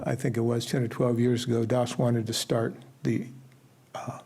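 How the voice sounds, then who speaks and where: An older man sharing a personal remembrance at a memorial service, telling stories in an unhurried way with asides. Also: mid-range voice, little pitch movement, gravelly, dark tone, slightly rough. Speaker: memorial speaker. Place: ashram gathering hall.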